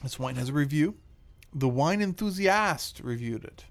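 A man's voice: on the high side, animated, moderate pace, creaky. A man hosting a casual wine podcast, joking and rambling as he talks. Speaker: podcast host.

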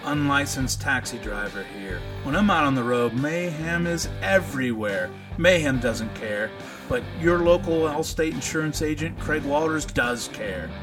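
A man reading a mock local radio ad for an insurance agent, in a loud pitchman voice. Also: expressive, a little slow, far from the mic. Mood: salesy. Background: guitar music.

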